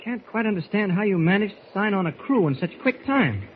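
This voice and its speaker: A man's voice: high-pitched, lively intonation, fairly quick, slight background noise. A man playing a polite, inquisitive reporter in 1940s radio acting on an old, dull recording. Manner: polite, probing questions. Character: calm, inquisitive male newspaper reporter.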